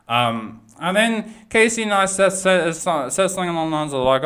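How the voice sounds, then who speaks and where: A man's voice: high voice, lively intonation, moderate pace, fairly bright tone. Brief: young male commentator, casual profane rant, rambling delivery. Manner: rambling, sweary, lots of fillers and restarts. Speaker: YouTube commentator.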